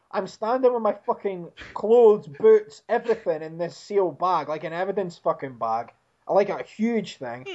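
A man with a fairly high voice tells a rambling personal story, swearing freely and with lively energy. The sound is dull and lo-fi. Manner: expletive-heavy, animated storytelling. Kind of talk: casual anecdote.

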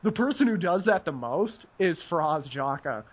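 A man with a fairly high voice chats on a podcast in a loose, rambling way. He laughs a lot and keeps saying "like". The audio is dull and lo-fi. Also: sing-song, moderate pace, breathy edge. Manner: rambling, laughs often, lots of "like". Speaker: podcast co-host, poker player. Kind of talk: casual chat.

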